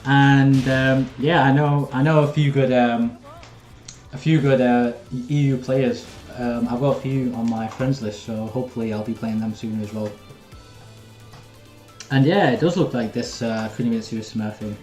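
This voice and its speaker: A man's voice: medium pitch, steady tone, moderate pace, darkish tone, soft background music. A young man, chatting casually with viewers while commenting on his own live gameplay. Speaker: streamer. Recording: roomy echo.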